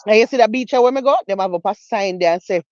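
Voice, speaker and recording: Jamaican woman telling lively stories. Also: mid-range voice, quick pace, no room sound, highs cut off. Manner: lively storytelling in patois, animated and emphatic. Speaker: co-host. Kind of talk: casual chat on a live stream.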